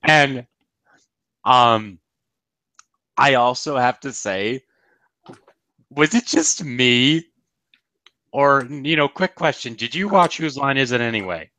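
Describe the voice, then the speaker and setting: Young male co-host, unhurried delivery, dry close sound, giggly. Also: mid-range voice, sharp tone, dry recording, poor audio. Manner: laughs often, quotes comedy lines. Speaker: podcast co-host reviewing a cartoon episode. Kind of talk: casual chat.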